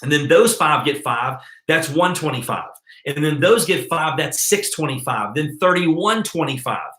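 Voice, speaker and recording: A man giving an emphatic, energetic network marketing training talk straight to his viewers. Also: a little high, unhurried, echoey room.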